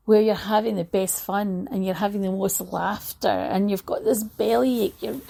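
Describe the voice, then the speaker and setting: A woman giving a motivational talk, moving between hushed guided imagery and lively storytelling. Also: a little high, creaky. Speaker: motivational speaker.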